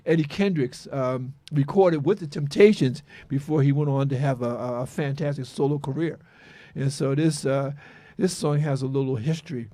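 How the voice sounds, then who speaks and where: A man's voice: fairly high pitch, dark tone, no room sound. A man hosting a radio show, talking casually with many fillers and restarts.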